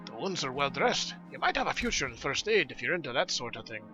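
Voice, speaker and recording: A man voicing gruff male dwarf quest-givers with a put-on fantasy dwarf brogue, reading game quest text aloud. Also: mid-range voice, sing-song, fast talker, dull audio, over music, lightly acted. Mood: commanding.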